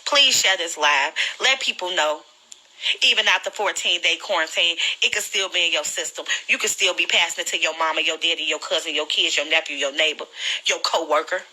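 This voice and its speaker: A woman with a very bright, cutting voice talks into her phone on a livestream. She sounds earnest and pleading, and she is fighting back tears. Her delivery is direct and personal, like she is talking to friends. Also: fairly low pitch, fairly quick, low-quality recording. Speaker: livestreamer sharing her illness experience. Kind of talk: emotional direct-to-camera livestream.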